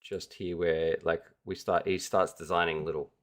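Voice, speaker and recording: A man's voice: sits low, flat delivery, moderate pace. A man hosting a casual livestream, chatty and enthusiastic, talking straight to his viewers. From Australia. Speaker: livestream host.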